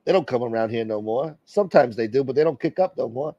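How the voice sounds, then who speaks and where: A man's voice: mid-range voice, lively intonation, fast talker, warm tone, dry recording, muffled recording. A man hosting a casual livestream, joking brashly with viewers and swearing freely. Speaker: livestream host.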